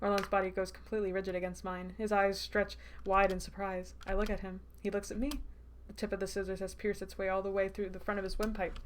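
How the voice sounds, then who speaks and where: A woman's voice: medium pitch, quick pace, a little hiss or hum. A woman streamer reading a visual novel aloud, breaking in with wry, laughing asides. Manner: wry asides, laughing reactions, expressive narration.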